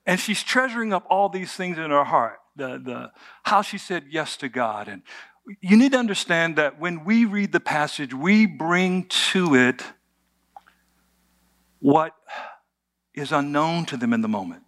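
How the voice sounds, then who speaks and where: A man's voice: fairly high pitch, sing-song, a little slow, fairly bright tone. A man preaching a conversational sermon, telling the story with humor and asking the audience rhetorical questions. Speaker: pastor.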